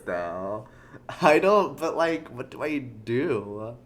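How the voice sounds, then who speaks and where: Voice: mid-range voice, very animated, takes it slowly, a little hiss or hum. A streamer chatting casually while reading a game aloud, giggly and full of fillers.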